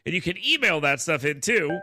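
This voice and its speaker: A man hosting a talk radio show, opinionated and sarcastic, mocking with animated asides. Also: fairly high pitch, a little fast, over music.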